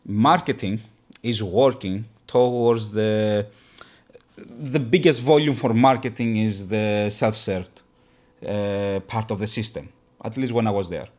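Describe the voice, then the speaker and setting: Low-voiced man hosting a business chat. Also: darkish tone. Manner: thoughtful, halting restarts. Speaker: podcast host. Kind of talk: casual business conversation.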